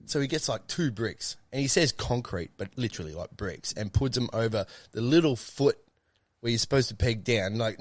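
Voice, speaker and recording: A young Australian man tells a story in a loose, rambling way, swearing freely as he goes. His voice sits at an ordinary pitch. The recording is dry and close, with almost no room sound. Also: no echo. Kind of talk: casual storytelling chat.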